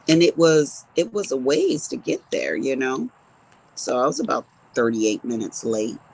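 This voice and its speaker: A crafting vlogger in her fifties, with a gravelly, low voice, chats casually to viewers while she works, telling stories as she goes. The audio quality is poor.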